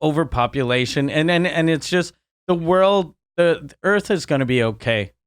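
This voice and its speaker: A man with a Quebec French accent co-hosting a comedy podcast, telling crude jokes in animated chat. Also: fairly high pitch, normal speed, clean tone, no echo, clean studio sound. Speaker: podcast co-host.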